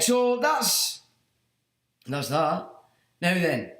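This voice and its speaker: A man hosts a casual livestream, his high voice swinging widely in pitch. He exclaims, swears and mocks as he talks. The room around him is echoey. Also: very animated, measured pace, fairly bright tone. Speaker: livestream host.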